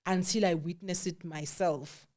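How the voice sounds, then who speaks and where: A South African woman, a guest telling a personal story in a candid, animated way, voicing the people she quotes and dropping to a hush at times. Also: lowish voice, measured pace. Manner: candid, animated quoting of others, drops to hushed tones.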